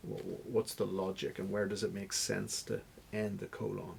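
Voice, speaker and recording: A man's voice: on the low side, little pitch movement, normal speed, gravelly, a little mellow, slight background noise. A man answering interview questions as a guest scholar, explaining step by step like a teacher. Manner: teacherly, stops to spell out examples.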